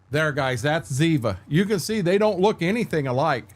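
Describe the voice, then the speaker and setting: A middle-aged man hosts a livestream from home, chatting casually with a slightly high voice and lively intonation at a normal pace with few pauses. He tells rambling, candid stories, often restarts his sentences, and answers viewers by name. There's slight background noise.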